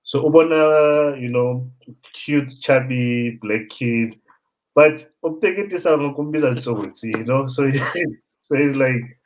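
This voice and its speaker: A man's voice: medium pitch, measured pace. A South African man, a host in his thirties, telling stories animatedly in casual conversation. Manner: animated storyteller, mixes in local words. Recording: muffled lo-fi sound.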